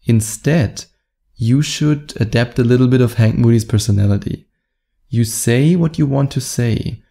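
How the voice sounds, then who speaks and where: A man giving dating advice straight to camera as a coach, in a slow, deliberate, instructive way. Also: medium pitch, vocal fry, warm tone. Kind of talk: direct-to-camera advice monologue.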